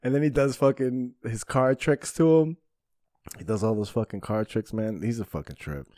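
Profane, animated male podcast host. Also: mid-range voice, moderate pace, dry recording, studio quality. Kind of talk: casual chat, storytelling.

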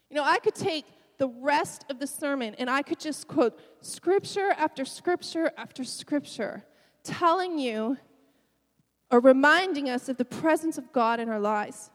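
A middle-aged woman pastor preaching a sermon, telling a personal story with emotion and soft laughs. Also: high-pitched, in a large hall.

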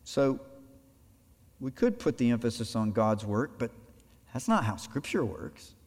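A man preaching a sermon with lively delivery, acting out little imagined exchanges as he goes. His mid-range voice rings out with a long hall reverb behind it. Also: mid-range voice, a little slow. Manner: animated preaching, acts out imagined dialogue. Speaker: pastor.

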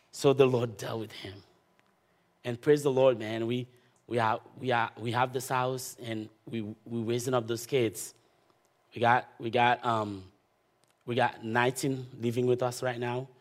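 Pastor guy telling a story, stop-start, says man a lot, middle pitch. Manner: animated storyteller, halting restarts, repeats "man". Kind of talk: telling a personal testimony.

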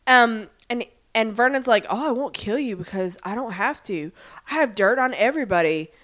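A woman's voice: fairly high pitch, expressive, a bit bright. Chatty woman recapping a tv episode. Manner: recaps scenes with quick acted-out quotes, lots of "um" and "like". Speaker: podcast co-host recapping a TV episode. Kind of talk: casual chat.

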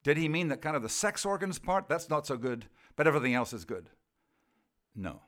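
A man's voice: on the high side, very animated, a little fast, fairly bright tone. A man speaking as a theologian at a church evening, opening with a prayer and talking in an earnest, self-deprecating way with rhetorical questions. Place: church gathering.

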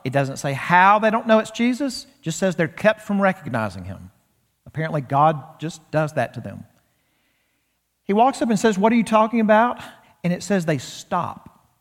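A male pastor preaching in a church sanctuary, his voice swinging up and down in pitch. It sits a bit higher than most men's, and he stretches out words to stress key points. A long hall reverb trails each phrase. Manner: animated expository preaching, slows down for emphasis. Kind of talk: sermon.

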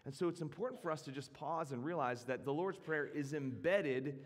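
A man preaching a sermon as a pastor, measured and reflective, with occasional restarts. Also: a little high, big-room sound.

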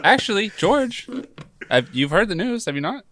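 A man's voice: on the high side, very animated, fast talker, a bit bright, slight background noise. Playful, bouncy male co-host. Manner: playful, laughs often. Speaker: podcast co-host. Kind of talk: casual podcast banter.

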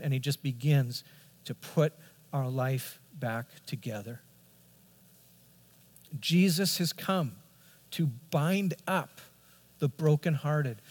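A middle-aged man preaching a sermon as a pastor, telling a family story earnestly and building to emphatic points. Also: a little high. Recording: long reverb of a large hall.

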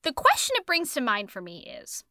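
A woman talks over a book in loose, rambling chat, her voice high and bright. She swears casually and keeps the tone animated. The recording is dry and close. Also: a little fast, dry recording. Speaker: podcast co-host reviewing a book.

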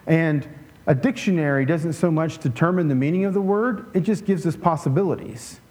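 A man preaching a conversational sermon in a relaxed way, with joking asides and frequent restarts. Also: on the high side, moderate pace. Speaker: pastor.

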